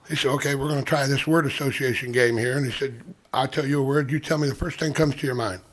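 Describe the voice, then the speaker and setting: Husky older man telling dirty jokes. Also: medium pitch, fairly bright tone. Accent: American Midwestern. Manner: folksy storyteller, acts out characters in his jokes. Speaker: guest.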